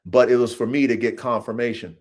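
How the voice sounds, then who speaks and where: A man hosting a podcast, giving a profane, preachy motivational monologue that swings from low mutters to shouts. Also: fairly even intonation, fairly quick. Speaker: podcast host.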